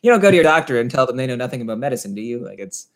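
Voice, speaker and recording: A man who works as a stage hypnotist, telling stories in an interview in an animated way, often laughing and acting out voices. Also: medium pitch, very fast, over a noisy crowd. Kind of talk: conversational interview storytelling.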